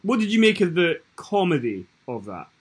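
A man co-hosting a podcast in casual chat, talking in a chatty, halting way with frequent restarts. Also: a little high, sing-song, slightly rough. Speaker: podcast co-host.

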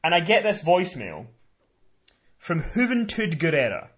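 A fairly high-pitched man speaks at a moderate pace while recounting a story on a podcast he co-hosts. Chatty and animated, he also works as an event promoter.

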